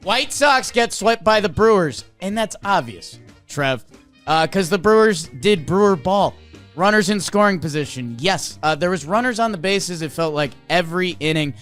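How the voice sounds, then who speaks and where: A man co-hosting a sports podcast, animated and excitable, with lots of fillers, also reading an ad. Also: sits high, moderate pace, soft background music. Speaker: podcast co-host. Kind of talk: energetic sports recap and ad read.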